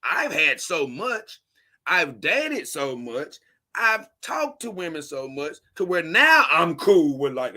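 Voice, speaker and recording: Guy hosting a stream, preachy and blunt, real sharp forceful voice. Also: fairly high pitch, sing-song, slow pace. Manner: blunt, preachy, slangy advice. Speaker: host reading viewer comments. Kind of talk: casual livestream talk.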